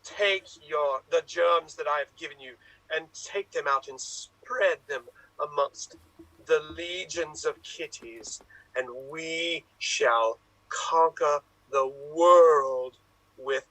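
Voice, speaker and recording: A man voicing a theatrical villainous woman who coos to her cat, speaking slowly in a purring, grandly menacing way. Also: on the high side, pushed and bright, no room sound, exaggerated voice, poor audio. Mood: purring menace.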